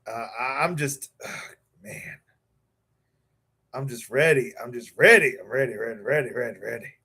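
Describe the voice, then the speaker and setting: A man's voice: mid-range voice, normal speed, pushed and bright, slightly rough. Pumped-up, stammering male live-show host. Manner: hyped, stammering, restarts and repeats words. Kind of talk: excited live-stream chat.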